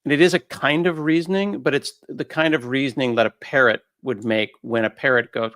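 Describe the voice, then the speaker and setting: A man's voice: mid-range voice, brisk, few pauses, fairly bright tone, no room sound. A man being interviewed who explains ideas casually and often acts out short quoted voices. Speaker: guest. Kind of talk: conversational interview.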